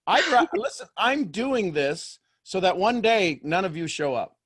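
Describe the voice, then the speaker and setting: A man coaching someone on a call, pressing with quick rhetorical questions. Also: high-pitched, big pitch swings, fairly bright tone, breathy edge.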